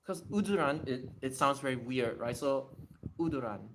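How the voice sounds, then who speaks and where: A man hosting a casual livestream, thinking aloud and sounding out words slowly, poking fun at his own attempts. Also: mid-range voice, animated, a little hiss or hum. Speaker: livestream host.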